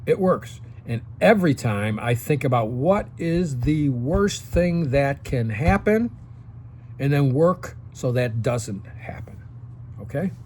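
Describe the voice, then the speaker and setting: A man's voice: medium pitch, animated, slow pace, a little mellow. A man in his late sixties talks straight to his viewers in an easy, mid-range voice. He coaches them like a friend and keeps checking in with "okay?". A faint hum sits beneath his voice. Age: 60s. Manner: coaching tone, often tags sentences with "okay?". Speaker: vlogger giving advice to seniors. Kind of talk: casual direct-to-camera advice.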